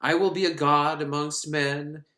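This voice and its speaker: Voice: medium pitch, steady tone, measured pace, pushed and bright, echoey room. A reviewer voicing a villain king who talks to his army of the dead in an offhand, mocking way. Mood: gloating. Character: brooding undead-raising villain king.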